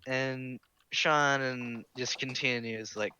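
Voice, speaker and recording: A man's voice: mid-range voice, expressive, slow, pushed and bright, slight background noise. A man narrating as game master of a tabletop game in online voice chat, casual and full of fillers.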